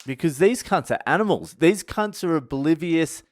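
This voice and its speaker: A man's voice: a little high, expressive, moderate pace, dry recording, clean studio sound. A young man, telling a crude, mocking story to camera with heavy swearing. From Australia. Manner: crude, sweary, mocking, laughs at his own jokes. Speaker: vlogger. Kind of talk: profane storytelling rant.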